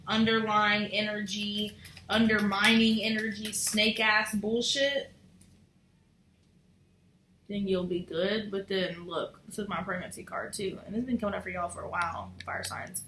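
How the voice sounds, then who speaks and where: A woman with a bright voice gives a casual tarot reading, chatty and blunt, with swearing. She is recorded in an echoey room with faint background noise. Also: medium pitch, level tone, normal speed. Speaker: tarot reader.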